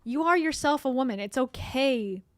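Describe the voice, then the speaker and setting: Woman host, chatty and candid, slightly high voice, dry booth sound. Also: animated, moderate pace, no echo. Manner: chatty, candid, laughs often. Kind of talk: casual commentary on online videos.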